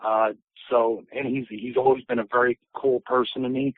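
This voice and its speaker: A former wrestler, a man, telling lively anecdotes as an interview guest, acting out voices and laughing often. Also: medium pitch, normal speed, gravelly, no room sound. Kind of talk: casual storytelling. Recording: tinny phone line.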